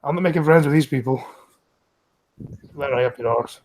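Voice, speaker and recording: A man's voice: medium pitch, moderate pace. A Scottish man reading news stories aloud on a stream, breaking off with blunt, profane, mocking remarks. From Scotland.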